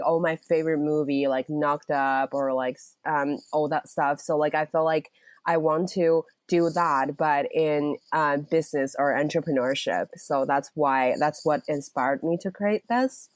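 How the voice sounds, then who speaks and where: A woman from China, answering as a guest author in a casual interview, slightly hoarse from a cold and chatty with many fillers. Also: deep voice, no room sound.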